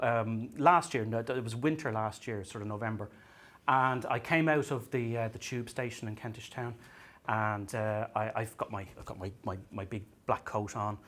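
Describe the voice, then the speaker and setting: An Irish man doing a stand-up comedy set, telling self-mocking stories in a halting way and often repeating his words as he restarts. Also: mid-range voice, a bit bright. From Ireland. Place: comedy venue stage.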